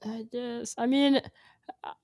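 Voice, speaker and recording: A woman's voice: fairly high pitch, steady tone, a little mellow, no echo. A young woman in her twenties co-hosting a podcast, drawing her words out and adding dry quips. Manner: slow, drawn-out delivery, dry quips. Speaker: podcast co-host. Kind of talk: casual chat.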